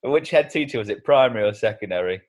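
A man's voice: on the low side, lively intonation, fast talker. A man co-hosting a casual comedy podcast, joking, laughing often and rambling with restarts. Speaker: podcast co-host.

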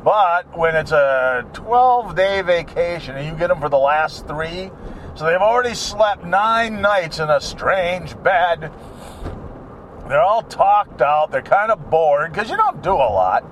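A man's voice: fairly high pitch, animated, measured pace, a bit bright, slight background noise. A middle-aged man chatting casually while driving, rambling from topic to topic and grumbling at other drivers. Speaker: vlogger. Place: in a car.

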